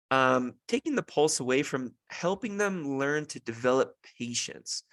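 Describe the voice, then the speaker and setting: A man's voice: mid-range voice, a bit bright, no room sound, studio quality. Earnest young father musing on parenting. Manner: earnest, thoughtful, many "you know" fillers. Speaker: podcast host, father. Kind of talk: reflective solo podcast monologue.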